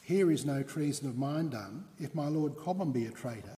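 A man reading as a composed, dignified accused gentleman who answers in a measured way. The tone is mellow, with a long hall reverb behind it. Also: medium pitch, animated, lightly acted. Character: composed male defendant, dignified and wry.

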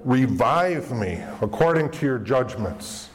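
A man's voice: medium pitch, animated, slow pace. Guy preaching a sermon, earnest, long echo off a big hall. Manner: earnest preaching, acts out quoted inner voices. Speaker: pastor.

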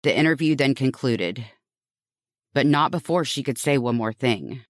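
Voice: mid-range voice, animated, normal speed, no room sound, studio quality. A podcast host narrating a true-crime story, earnest and reflective, posing rhetorical questions to listeners.

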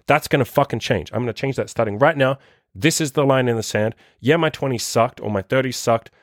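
A man's voice: medium pitch, brisk, no echo, clean studio sound. A man in his thirties hosting a dating-coach podcast, giving a blunt, profane motivational rant. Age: 30s. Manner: profane, forceful, rambling.

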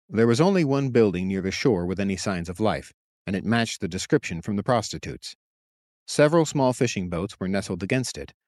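A man reading his own story aloud in steady, measured audiobook narration. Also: sits low, no echo, studio quality. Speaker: author and narrator.

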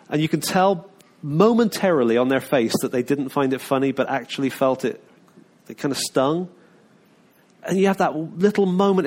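A man's voice: on the high side, darkish tone. A middle-aged man preaching a sermon in a conversational way, often restarting and acting out little asides. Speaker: pastor.

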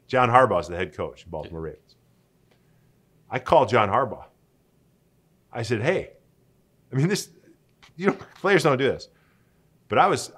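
A former pro athlete in his forties telling stories in an interview, lively and acting out the people he quotes. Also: fairly low pitch. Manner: animated, laughing, acting out quoted dialogue. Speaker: interview guest, former pro football player. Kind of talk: conversational storytelling.

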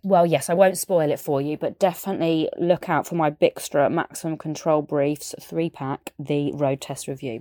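A woman's voice: low-pitched, steady tone, normal speed, few pauses, warm tone, no room sound, studio quality. A woman with a strong southern English accent, chatting casually and enthusiastically as a podcast presenter, with frequent fillers and asides. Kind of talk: casual chat.

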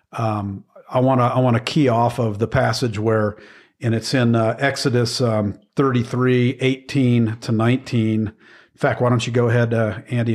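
A man co-hosting a faith podcast, talking earnestly through scripture in a casual teaching chat with frequent pauses and restarts. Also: medium pitch. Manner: earnest, reflective, with many ums and restarts. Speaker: podcast co-host.

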